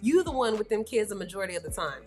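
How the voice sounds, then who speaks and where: A woman's voice: medium pitch, big pitch swings, rapid-fire, darkish tone, soft background music. A woman giving blunt, slangy, scolding reaction commentary as a vlog host. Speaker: commentary vlogger.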